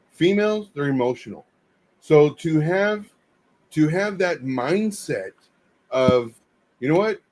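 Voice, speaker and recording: A man's voice: on the high side, a little mellow. Blunt, teasing man co-hosting. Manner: blunt, teasing, halting restarts. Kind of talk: casual livestream chat.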